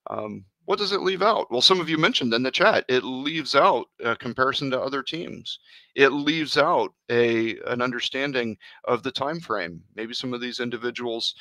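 A man presenting a live software demo in a webinar, thinking aloud with many fillers and repeated restarts. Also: medium pitch, no echo. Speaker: presenter at a user group webinar.

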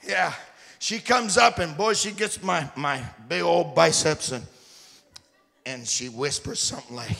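High, gravelly-voiced man preaching. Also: measured pace, bright, forceful tone. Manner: call-and-response with the congregation; jokes with the crowd. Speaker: missionary preacher. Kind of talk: sermon. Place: church sanctuary. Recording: echoey church hall.

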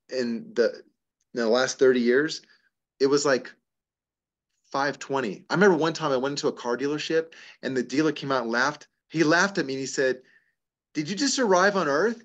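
A middle-aged man hosts a relaxed advice session, answering questions with lively anecdotes and frequent laughter. His voice sits in an ordinary middle pitch. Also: highs cut off. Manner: animated, storytelling with laughs. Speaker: host answering member questions. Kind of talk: casual advice talk.

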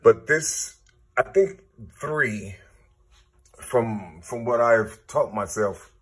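Male, very husky and slow, murmurs numbers in a rambling spiritual talk. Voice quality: very husky, slow, low-key. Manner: keeps saying "you see", counts numbers half-aloud. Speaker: self-taught numerology teacher.

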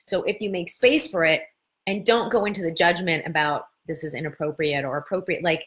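A middle-aged woman hosting a casual live-stream talk, telling stories with lively gestures of voice and bursts of laughter. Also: lowish voice, fairly quick. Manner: animated storytelling, breaks into laughter. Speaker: host.

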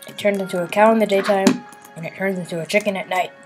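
A woman chatting casually while building in a game, playful and silly, rambling to herself and sometimes dropping into soft murmurs. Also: medium pitch, steady tone, quick pace. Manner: drops into soft murmurs and whispers. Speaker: Minecraft builder. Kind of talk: casual gameplay commentary. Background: background music and keyboard clicks.

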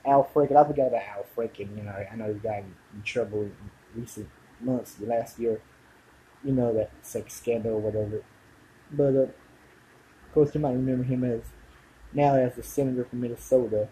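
A man's voice: mid-range voice, warm tone, breathy edge, rough recording. A man in his thirties talking casually to camera, rambling and forgetful, often trailing off and starting over. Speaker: video blogger.

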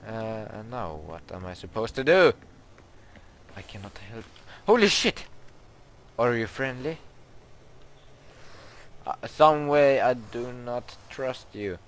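A young man, commenting on his own video game play, who gets excitable and yelps and shrieks when startled. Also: medium pitch, takes it slowly, long pauses. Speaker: gaming YouTuber.

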